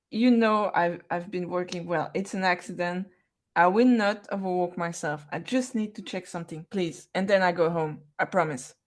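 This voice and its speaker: A woman's voice: fairly low pitch, lightly acted. A woman voicing a stubborn, injured young male airplane mechanic who stammers and pleads. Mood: pleading.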